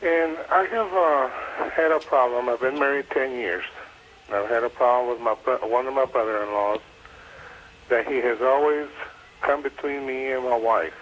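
A male caller from Texas speaks haltingly as he explains a family problem. His voice comes through a dull, muffled phone line with a faint hiss behind it. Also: mid-range voice, a bit bright.

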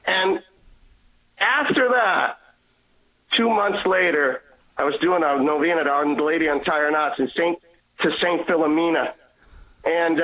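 A man earnestly telling a personal faith testimony as a caller, acting out the voices in his story. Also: fairly high pitch. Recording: tinny phone line.

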